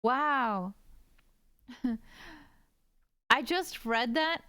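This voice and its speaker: An American woman who teaches French chats casually with her stream viewers as she draws at her computer indoors, swearing freely, saying "like" a lot, and laughing often. Her medium-pitched voice is clear and resonant, measured in pace, with studio-quality sound and no echo.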